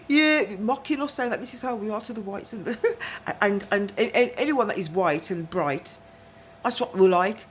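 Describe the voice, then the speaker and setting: A woman's voice: mid-range voice, a little hiss or hum. A woman tells a long, rambling story to camera, often asking whether you follow and laughing between phrases. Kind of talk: casual storytelling monologue.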